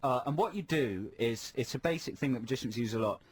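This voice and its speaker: A man's voice: medium pitch, brisk, slightly rough. A man co-hosting a radio show in a studio, explaining things and adding dry quips in casual banter. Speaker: radio co-host. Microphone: studio microphone.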